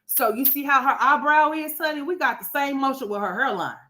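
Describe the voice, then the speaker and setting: A woman's voice: high voice, brisk, pushed and bright. A woman hosting a gossip commentary livestream, brash and profane, rambling and talking straight to her viewers. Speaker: commentary host.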